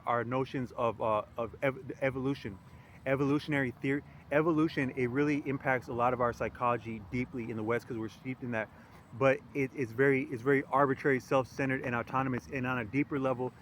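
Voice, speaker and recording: A man musing aloud in a casual philosophical monologue, rambling and halting with frequent restarts and fillers. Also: medium pitch, a little hiss or hum. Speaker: podcast host.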